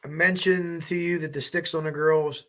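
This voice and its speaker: Male livestream host, slightly high voice, bright and forceful, loose rambling chat. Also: steady tone, moderate pace. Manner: rambling, chatty, reacts to comments as he goes. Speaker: true crime livestream host. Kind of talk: casual livestream chat reading viewer comments.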